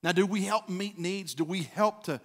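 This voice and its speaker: Speaking at a normal pace in a high, slightly bright voice, a man preaches to a church sanctuary as its pastor. His sermon is conversational, and he acts out quotes with growing fervor, all under a long hall reverb.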